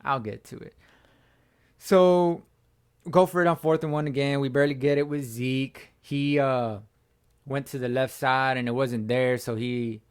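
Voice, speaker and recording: Hoarse guy talking sports like he's chatting with his buddy, slangy and loose, voice in the middle range. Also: medium pitch, steady tone, measured pace. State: hoarse from screaming. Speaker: fan channel host. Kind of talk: casual sports reaction talk.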